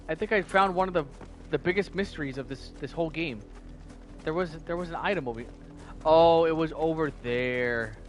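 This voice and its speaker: A man giving playful, goofy commentary while playing a video game, slipping into silly mock-pompous voices. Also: on the high side. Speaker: gaming video host. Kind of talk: let's play commentary.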